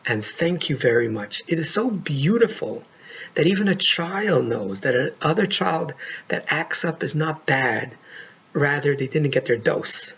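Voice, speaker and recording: Earnest man with a gravelly voice. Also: a little high, expressive, a bit bright. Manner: earnest, heartfelt, pauses often to stress words. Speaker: life coach. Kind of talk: monologue to camera. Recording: dull lo-fi audio with faint noise.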